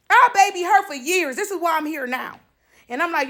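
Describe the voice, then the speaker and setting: Animated high-voiced woman telling stories. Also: moderate pace. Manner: animated storytelling, mimics others. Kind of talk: casual monologue.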